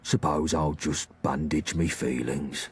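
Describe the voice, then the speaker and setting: An actor playing a sly male London gang leader who speaks in a husky, mocking drawl. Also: extremely low pitch, steady tone, slow pace, darkish tone, faint music behind, full character voice.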